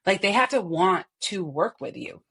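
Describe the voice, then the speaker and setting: A woman's voice: lowish voice, moderate pace, vocal fry, husky. A woman voice coach on a podcast, speaking expressively and showing how to shift her voice. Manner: expressive, demonstrates vocal styles. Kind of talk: podcast interview.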